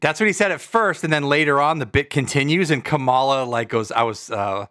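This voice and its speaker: A man's voice: fairly high pitch, brisk, bright, forceful tone, no room sound, clean studio sound. A man co-hosting a casual wrestling podcast, chatty and profane. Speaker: podcast co-host.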